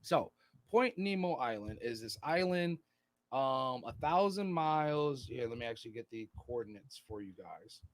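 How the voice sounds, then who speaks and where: A man of middling pitch talks in a loose, rambling way as a podcast co-host. He swears freely and drifts between thoughts. The sound is dry and close. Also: expressive, moderate pace, no room sound. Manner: rambling, profane, slips into put-on voices. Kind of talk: casual chat.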